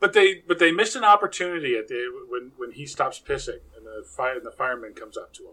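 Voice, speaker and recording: A man chatting casually on a podcast, making wry, deadpan jokes. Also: medium pitch, quick pace, breathy edge, low-quality recording. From Canada. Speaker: podcast guest. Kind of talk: casual chat.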